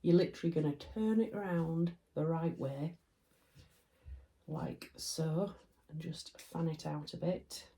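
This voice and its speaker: Yorkshire lady doing a casual sewing tutorial at home, bit low voice, friendly self-deprecating chatter. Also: a little slow, mellow. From Yorkshire, England.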